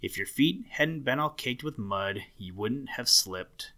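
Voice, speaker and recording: A man voicing a gruff, self-satisfied old male muskrat doctor in a storybook reading, speaking severely and bossily. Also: medium pitch, animated, a little slow, pushed and bright, voice pushed up. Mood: bossy. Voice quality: gruff, growling. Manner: severe and bossy.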